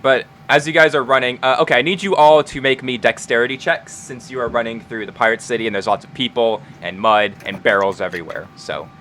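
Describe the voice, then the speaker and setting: A man's voice: mid-range voice, brisk, hardly any pauses, sharp tone, a little hiss or hum. A young man narrating as game master for a tabletop game, casual and full of fillers.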